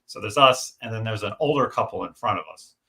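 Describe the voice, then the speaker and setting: A middle-aged man telling stories in a casual livestream chat. His voice is bright and gravelly. He talks animatedly and packs in plenty of fillers and restarts. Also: fairly low pitch, a little fast. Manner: chatty, animated storyteller, many fillers and restarts. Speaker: guest on a livestream.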